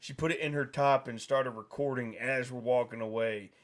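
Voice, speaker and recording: A man's voice: mid-range voice, fairly even intonation, normal speed. A man hosting a livestream, telling a meandering anecdote in casual chat. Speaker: livestream host.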